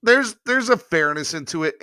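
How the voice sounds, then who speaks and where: A man in his thirties from rural North Carolina, hosting a casual sports podcast and telling stories with animated emphasis. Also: fairly high pitch, normal speed, no room sound, studio quality. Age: 30s.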